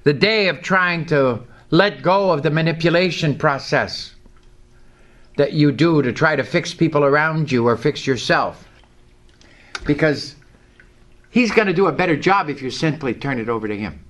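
A man preaching a sermon in a somewhat high voice. He speaks emphatically as a pastor and leads the congregation in repeating lines back to him. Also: normal speed, a bit bright.

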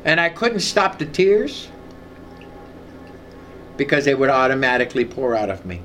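A man's voice: medium pitch, very animated, normal speed, fairly bright tone, faint music behind. A man preaching a sermon, telling a personal story and leading the congregation in repeating lines. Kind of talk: sermon with call and response.

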